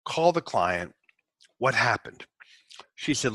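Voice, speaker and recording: A male podcast host telling work stories in a casual, candid way, with the odd curse and quick acted-out exchanges. His voice sits at a middle pitch. The sound is dry and close, with no room echo. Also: lively intonation, fairly bright tone. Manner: candid, swears, acts out clients in quick asides. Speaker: tax resolution podcast host. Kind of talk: casual storytelling to fellow practitioners.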